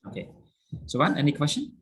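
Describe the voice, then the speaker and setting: A man's voice: a little high, big pitch swings, fairly quick, slightly rough, low-quality recording. A man with a Cambodian accent teaching an online English lesson, patiently drilling pronunciation and checking that students understand. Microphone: video call.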